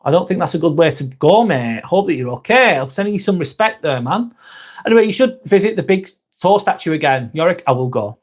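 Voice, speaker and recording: A chatty man hosts a live stream with a slightly raised voice. He reads out viewer comments in a relaxed, friendly way, calling people mate, and turns firm when trolls show up. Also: a little high, brisk. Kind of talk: casual live chat reading comments.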